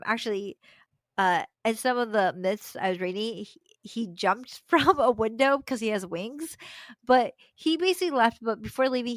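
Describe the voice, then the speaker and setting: A woman's voice: on the high side, a bit bright, no echo. A young adult woman, a podcast host, retelling a story casually with slangy asides and frequent laughter.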